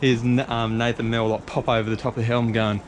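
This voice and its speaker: A man's voice: mid-range voice, flat delivery, quick pace. A man in his thirties with an Australian accent, telling a rambling travel story full of fillers and slang, with faint noise behind him. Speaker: travel vlogger. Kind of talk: casual storytelling.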